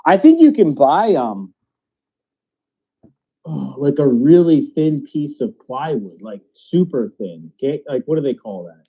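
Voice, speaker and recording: A man's voice: fairly high pitch, sing-song, a little slow, slightly rough. A man with a faint Philadelphia accent, rambling bluntly in casual chat as a podcast co-host. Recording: dull lo-fi sound.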